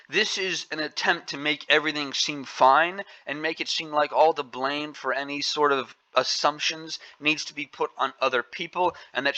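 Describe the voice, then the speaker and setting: A man's voice: on the high side, sharp tone, no room sound, poor audio. A man hosting an angry opinion commentary, scolding and indignant, repeating his points. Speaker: commentary channel host.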